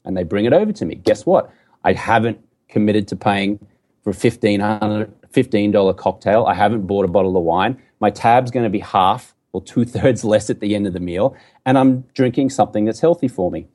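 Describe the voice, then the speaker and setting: A man's voice: on the low side, a little fast, a little mellow. A man with an Australian accent, a guest talking in a casual podcast conversation about going without alcohol, upbeat and emphatic, cracking jokes. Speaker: guest, sobriety coach.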